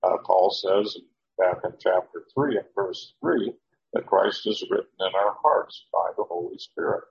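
A man's voice: deep voice, measured pace, vocal fry. A man teaching a verse-by-verse Bible sermon in a plain explaining tone, often restarting his sentences as he works through Greek words. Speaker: preacher. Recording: dull, lo-fi, echoey room.

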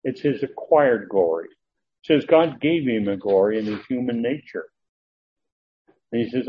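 A man preaching a verse-by-verse sermon in an earnest, emphatic way, often restarting and pausing on filler sounds. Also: medium pitch, expressive, slight background noise. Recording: narrow, tinny phone-like sound.

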